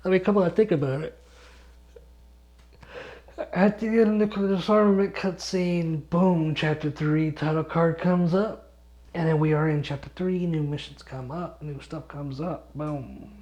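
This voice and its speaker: Young male solo podcaster, drowsy and rambling, swears freely, slow delivery, muffled lo-fi home mic. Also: a little high, steady tone, darkish tone. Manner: rambling, swears a lot, chuckles often, loses his thread. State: sleepy, yawning. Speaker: podcast host and gaming YouTuber. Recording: dull lo-fi home recording.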